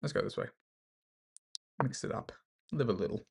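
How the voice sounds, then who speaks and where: Jokey Australian man with gravelly voice. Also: mid-range voice, expressive, moderate pace, a little mellow. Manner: jokey, thinks aloud, self-mocking. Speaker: chess streamer. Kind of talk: casual commentary while playing online chess.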